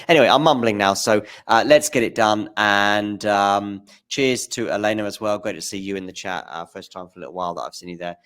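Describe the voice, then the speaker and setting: Deep-voiced man hosting a livestream. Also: a bit bright. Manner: rambling, thanks the chat by name. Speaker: host of a tennis talk stream. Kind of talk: casual livestream chat.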